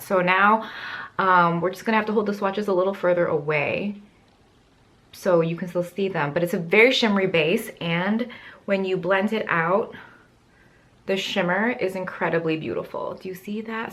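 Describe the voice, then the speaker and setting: A woman's voice: medium pitch, fairly bright tone. A woman beauty vlogger at home, talking casually and rambling through her skincare and makeup products into a camera mic. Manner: chatty, rambling product run-down with fillers. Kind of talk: casual makeup vlog talk.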